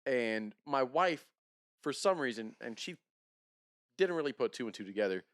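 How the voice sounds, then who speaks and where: A man with a smooth, clear voice, recorded dry and close, chatting casually on a podcast. He tells stories with deadpan dark humor. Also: mid-range voice, normal speed, dry recording. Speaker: podcast co-host. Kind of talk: casual chat.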